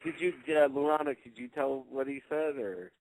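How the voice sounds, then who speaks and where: A man's voice: mid-range voice, steady tone, normal speed, heavy background noise. A man, a paranormal investigator, chatting casually on a radio show, rambling with many fillers and restarts.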